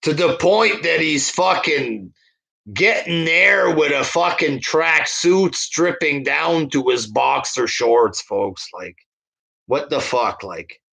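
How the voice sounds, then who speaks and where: A man's voice: a little high, slow pace, creaky, sharp tone, breathy edge. A man hosting a stream, reading viewer comments aloud and answering them with a crude, scornful rant. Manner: crude, scornful, fillers like "like" and "there". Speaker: host reading viewer chat. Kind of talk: profane rant reading live chat.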